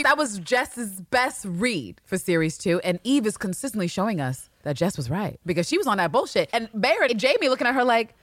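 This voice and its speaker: Animated woman podcaster, lively voice. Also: mid-range voice, brisk, hardly any pauses, no room sound, clean studio sound. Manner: animated, acts out characters' lines, swears freely. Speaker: podcast co-host. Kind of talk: casual recap chat.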